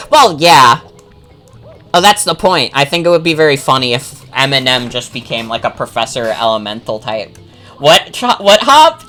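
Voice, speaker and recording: Woman streamer rambling jokes while playing, low voice, really bouncy pitch. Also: pushed and bright. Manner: chatty, joking, swears freely. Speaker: game streamer. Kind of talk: casual gameplay commentary.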